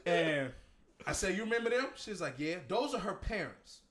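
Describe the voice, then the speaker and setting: A man telling a story in casual, profane chat, loud and animated, breaking into laughter. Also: sits high, moderate pace. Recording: roomy echo.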